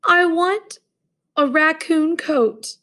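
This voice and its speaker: A woman's voice: high-pitched, lively intonation, normal speed, a bit bright, voice pushed up. A woman voicing a young male college student who wails and pleads about following a fad. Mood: wailing. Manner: wailing, pleading.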